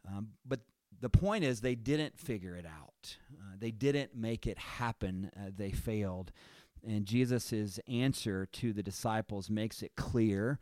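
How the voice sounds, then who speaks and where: A male preacher delivers his sermon slowly and deliberately, leaning on key phrases and repeating them for emphasis. His voice is smooth and clear. The sound is dry and close, with no room ring. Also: fairly low pitch, darkish tone, no echo.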